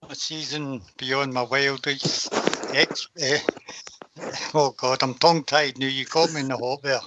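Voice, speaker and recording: A man's voice: medium pitch, steady tone, measured pace, very noisy. An older man, a panelist on a fan call-in show, talking in a heartfelt, rambling way with slips. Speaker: guest panelist. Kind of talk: casual chat.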